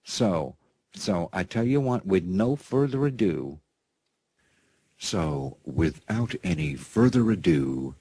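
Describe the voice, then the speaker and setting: A man's voice: low voice, expressive, slow pace, dark tone, slightly rough. A man hosting his own radio show in a rambling, playful monologue, forever checking in with his listeners and introducing things with showman flair. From United States. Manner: rambling, constantly checking in with "okay?" and "that's right". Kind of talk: casual talk-radio monologue.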